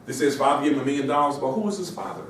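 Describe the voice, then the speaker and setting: A man's voice: medium pitch, very fast, slight background noise. A man with a cold lecturing to a class, rambling and firing off rhetorical questions. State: has a cold. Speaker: instructor. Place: university classroom. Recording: echoey classroom, from far off.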